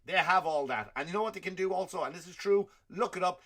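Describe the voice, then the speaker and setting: A man's voice: high-pitched, fast, few pauses. A man, a comedian and podcast host ranting in a rambling, profane way. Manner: rambling, profane, jumps in loudness. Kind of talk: comedic rant.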